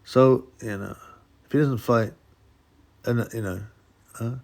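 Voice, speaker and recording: A man's voice: medium pitch, fairly even intonation, takes it slowly, gravelly, darkish tone. Rambling male host, casual solo commentary with many restarts. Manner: rambling, restarts, mock voices for quotes. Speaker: boxing channel host.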